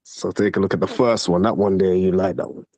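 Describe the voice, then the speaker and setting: Dude chatting easy, likes doing voices, dry close sound. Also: male voice, low-pitched, steady tone, fairly quick, warm tone, dry recording. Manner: playful, loves imitating voices. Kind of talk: casual chat.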